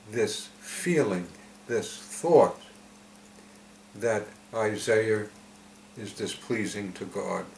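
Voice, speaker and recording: Male spiritual teacher, lower register, very slow and measured delivery, recorded in a roomy, reverberant space. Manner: slow, deliberate storytelling with emphatic swells. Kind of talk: reflective spiritual talk. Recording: echoey room with faint noise.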